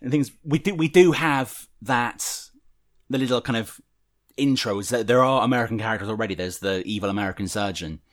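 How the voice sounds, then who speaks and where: A man's voice: medium pitch, fairly quick. A man hosting a fan podcast, chatting casually and reading listener letters aloud. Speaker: podcast host.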